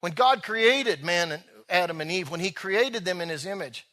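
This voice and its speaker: A man delivers a church sermon in a high, bright, forceful voice. He preaches emphatically, drawing out words for weight and swinging from loud, pointed lines to hushed ones. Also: lively intonation, moderate pace. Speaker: pastor.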